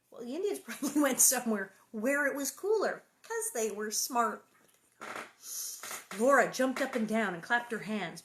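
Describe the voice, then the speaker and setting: A woman reading a children's novel aloud to viewers, breaking off for playful, chatty asides and answering comments. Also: on the high side. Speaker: reader hosting a book reading stream.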